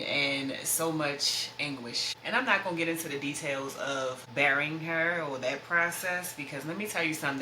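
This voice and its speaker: Blunt, forceful woman in a roomy echo. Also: sits low. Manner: blunt, profane, emotionally raw. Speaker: podcast host. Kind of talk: personal storytelling. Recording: roomy echo, faint background noise.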